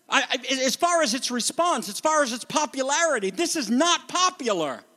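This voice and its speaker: High-voiced pastor preaching in an echoing hall. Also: male voice, normal speed. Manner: animated, acts out quoted voices, restarts. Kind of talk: sermon.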